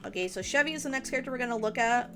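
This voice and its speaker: A woman's voice: fairly high pitch, racing, a bit bright. A young woman streamer giving casual game advice, thinking aloud with lots of fillers. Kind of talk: casual game guide commentary on a live stream. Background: background music and keyboard typing.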